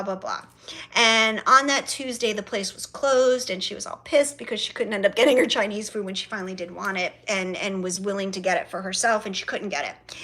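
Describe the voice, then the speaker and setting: Bright, chatty woman vlogger. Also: medium pitch. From South Florida. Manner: chatty, swearing, acts out dialogue with her mother. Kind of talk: casual storytelling to camera.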